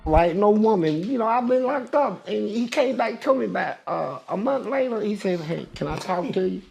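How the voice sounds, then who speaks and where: An older man telling a long story as an interview guest, profane and animated. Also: high voice, moderate pace, creaky, few pauses.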